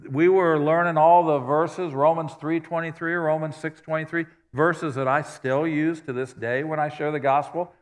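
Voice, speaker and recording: A pastor preaching a sermon in a church, telling stories in a conversational, self-deprecating way. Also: male voice, a little high, steady tone, normal speed, hardly any pauses. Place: church sanctuary. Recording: long reverb of a large church hall.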